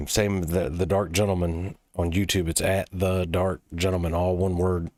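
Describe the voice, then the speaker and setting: A man demoing software he built, talking casually and loosely, with plenty of pauses and some cursing. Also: low-pitched, level tone, dry recording, studio quality. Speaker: developer demoing his own app. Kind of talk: casual late-night screen-recording talk.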